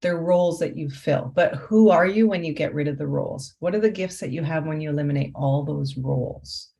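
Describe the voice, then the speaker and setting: A woman's voice: sits low, fairly quick, gravelly, mellow. A woman life coach talking through her work in an interview, reflective, often posing rhetorical questions. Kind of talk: conversational interview.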